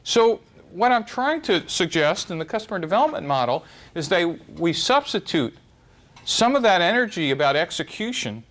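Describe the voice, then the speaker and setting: A middle-aged man delivers a live lecture in a rather high voice. He is wry and self-deprecating, and his pitch jumps up and down as he makes his points. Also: big pitch swings, normal speed, a bit bright. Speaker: speaker giving a startup talk.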